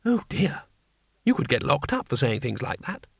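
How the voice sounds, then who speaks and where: A man's voice: mid-range voice, sing-song, moderate pace, gravelly, slightly rough, no echo, studio quality, heavily acted. A man doing Twoflower, a fretful tourist. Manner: apologetic, mild and earnest. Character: timid, fretful male tourist.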